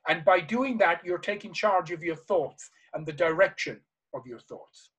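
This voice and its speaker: A man's voice: fairly high pitch, normal speed, fairly bright tone, slightly rough, dull audio. A man giving a motivational seminar to a live audience, emphatic and repeating key phrases with passion. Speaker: seminar speaker. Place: live talk before an audience.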